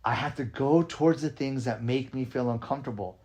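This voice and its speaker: A man talking casually as a podcast host and dance coach, energetic and emphatic, often asking "right?" and swearing now and then. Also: mid-range voice, a little fast. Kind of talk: casual conversation.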